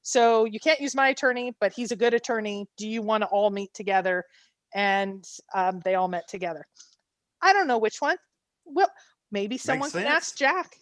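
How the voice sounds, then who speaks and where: A woman hosting a casual online panel, her voice sitting a little high. She tells rambling, laugh-filled anecdotes. The sound is dry and close. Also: normal speed, a bit bright, no room sound. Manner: chatty storytelling with laughs. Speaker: panel host.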